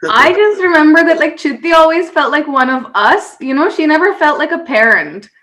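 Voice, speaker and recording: A woman's voice: sits high, animated, moderate pace, a bit bright. A woman fondly recalling childhood summers with her aunt in a casual chat. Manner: fond, reminiscing. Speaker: niece sharing memories.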